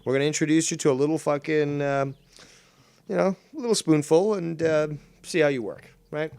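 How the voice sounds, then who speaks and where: A man's voice: a little high, brisk, gravelly, darkish tone, smooth. A man from Canada hosting a gaming stream, teasing and swearing as he rambles on a computer mic. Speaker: streamer host. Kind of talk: casual gaming stream chat.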